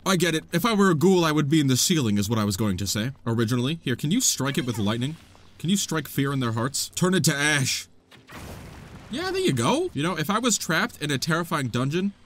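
Animated young man doing game commentary. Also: mid-range voice. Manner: animated, joking, talks to game companion. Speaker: gaming channel host. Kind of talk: let's play commentary.

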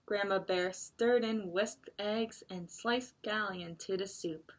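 A female librarian reads a picture book aloud at a children's story time, speaking slowly in a mid-range voice. She is expressive and throws in chatty asides for the kids.

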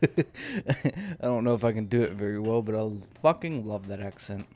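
A man's voice: on the low side, steady tone, fast talker, warm tone. A man giving playful, profane gameplay commentary with lots of laughter. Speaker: let's play host.

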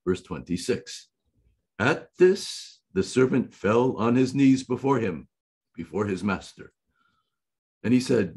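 A man preaching a sermon, reading scripture verse by verse and explaining it with deliberate emphasis and repetition. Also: lowish voice, very animated, a little mellow, husky.

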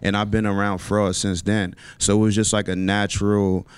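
Laid-back New rapper, smooth and low. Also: male voice, flat delivery, moderate pace, no echo. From New York. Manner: laid-back slangy talk with many fillers. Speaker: rapper and songwriter guest. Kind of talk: casual radio interview. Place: radio studio. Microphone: studio mic.

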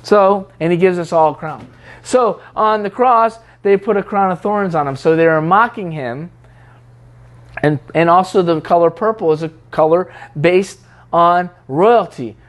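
High-pitched guy preaching, chatty, mocks how people pray. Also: unhurried. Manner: conversational, teasing, mimics what others say in prayer. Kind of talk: sermon.

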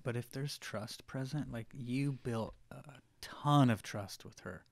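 A man co-hosting a parenting podcast, reacting quickly and then making his points in a softer, reflective way. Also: mid-range voice, no room sound. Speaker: podcast co-host. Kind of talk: casual conversation.

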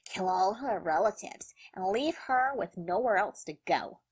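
A woman's voice: mid-range voice, expressive, unhurried, slightly rough. A woman reading the lines of a cruel, calculating man in a manga. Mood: scheming.

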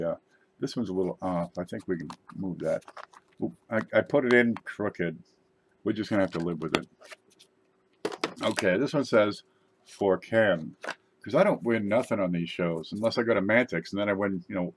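A man's voice: sits low, moderate pace, long pauses, background noise. A man hosting his channel, chatting casually and joking while opening mail. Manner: joking, rambling, tall tales. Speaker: YouTube channel host. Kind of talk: casual unboxing chat.

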